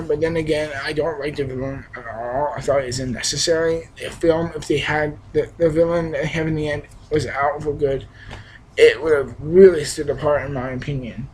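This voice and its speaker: A man's voice: a little high, darkish tone, low-quality recording. A young man giving a casual, rambling film review, with frequent restarts, fillers and emphatic bursts. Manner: enthusiastic, emphatic. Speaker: movie reviewer.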